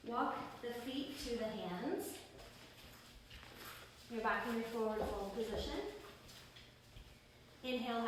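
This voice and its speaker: A woman leading a yoga class, calmly cueing each pose in time with the breath. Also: a little high. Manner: calm breath-paced cueing. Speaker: yoga instructor. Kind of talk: guided yoga class instruction. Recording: roomy echo, distant mic, faint noise.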